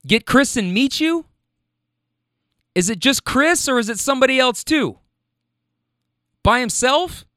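A man's voice: extremely high pitch, lively intonation, measured pace, long pauses, fairly bright tone, no room sound, clean studio sound, voice pushed up, heavily acted. A man voicing a flustered man in his sixties who fires off tense, rambling questions.

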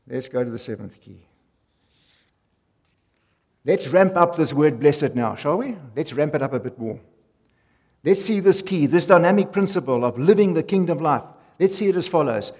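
Emphatic preacher, husky voice. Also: male voice, on the high side, expressive, moderate pace, long pauses. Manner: emphatic, repeats key phrases, swings from loud to soft. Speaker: pastor. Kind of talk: sermon. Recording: long hall reverb.

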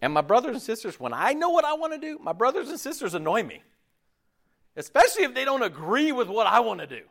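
A man preaching a sermon in an animated way, checking in with his listeners often. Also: very high-pitched, fast talker, vocal fry. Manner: animated, acts out quoted voices, checks in with "right?" and "okay?".

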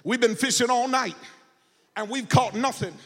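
A male pastor preaching a sermon, shouting in a sing-song cadence and stammering repeated words. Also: very high-pitched, normal speed. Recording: reverberant church hall.

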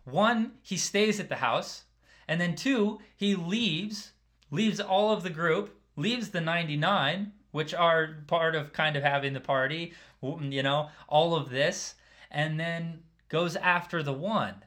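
Man preaching, fairly high-pitched, chatty, keeps asking "right?", gets quiet for asides. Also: slow. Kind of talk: casual sermon.

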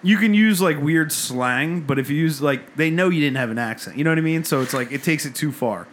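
A man's voice: fairly high pitch, fairly bright tone. A man co-hosting a podcast, teasing and cracking jokes in casual chat. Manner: quick, joking, teasing. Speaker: podcast co-host.

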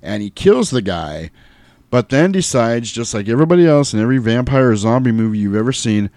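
A man's voice: medium pitch, expressive, brisk, a little mellow, no room sound. A man co-hosting a casual chat, animatedly recapping a movie and acting out its lines with laughter. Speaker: podcast co-host.

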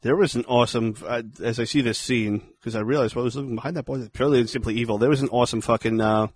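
Man, podcast co-host, rapid rambling talk, profane jokes, dry close sound. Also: medium pitch, steady tone, darkish tone, no room sound. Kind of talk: casual film commentary chat.

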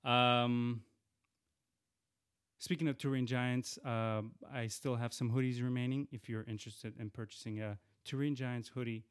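A man hosting his podcast alone, chatting loosely about the show and giving shout-outs, often restarting his sentences. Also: mid-range voice, fairly even intonation, moderate pace, clear, resonant tone. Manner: chatty, rambling with frequent restarts. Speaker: podcast host. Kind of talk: casual solo podcast intro.

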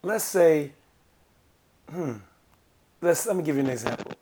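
A man's voice: a little high, animated, measured pace, dark tone, husky. A man co-hosting a podcast, arguing his point in casual banter with emphatic insistence and bursts of laughter. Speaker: podcast co-host.

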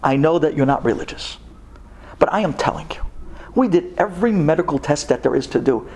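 A man voicing a calm, firm religious doctor speaking earnestly and insistently. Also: on the high side, fairly quick, slight background noise.

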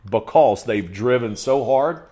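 A man's voice: mid-range voice, expressive, unhurried, mellow. A man as a podcast guest in casual conversation, laying out his points in emphatic lists and checking in with "okay".

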